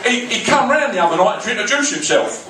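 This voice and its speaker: A South London man in his forties doing crude, self-deprecating stand-up in a dry, deadpan way. His voice sits fairly high and booms around a reverberant comedy club. The mic catches him from a distance, with clatter and noise in the room. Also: fast.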